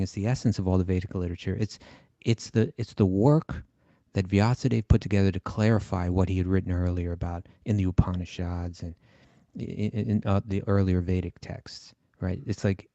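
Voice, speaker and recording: A man explaining spiritual teachings in casual talk, thoughtful and full of restarts. His voice is low and mellow. The recording is dry and somewhat dull. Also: no echo. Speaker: podcast host and teacher.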